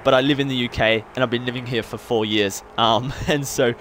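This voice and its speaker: A man's voice: medium pitch, steady tone, fairly quick, fairly bright tone, a little hiss or hum. A young man from Australia with an Australian accent partly worn down by life in the UK, giving casual, hyper and self-mocking gameplay commentary that rambles and laughs often. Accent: Australian, partly worn down by years in the UK. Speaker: gaming YouTuber.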